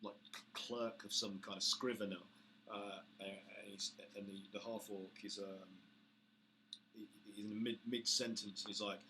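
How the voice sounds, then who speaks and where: A British man narrating as game master, halting with many fillers. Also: level tone. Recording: faint hiss, low-quality audio.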